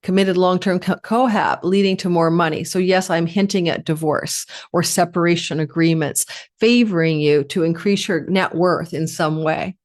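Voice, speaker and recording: A woman's voice: fairly low pitch, fairly even intonation, normal speed. A woman from Canada giving an astrology forecast in a chatty way, piling up lists of words and dropping in asides.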